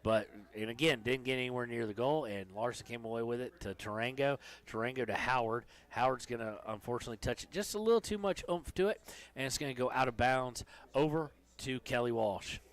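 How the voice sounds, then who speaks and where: A man's voice: medium pitch, fairly even intonation, brisk, fairly bright tone. Guy calling a local soccer game from the press box, chatty, cracks jokes. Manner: chatty, joking asides between plays. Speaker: play-by-play commentator. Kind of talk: high school soccer commentary.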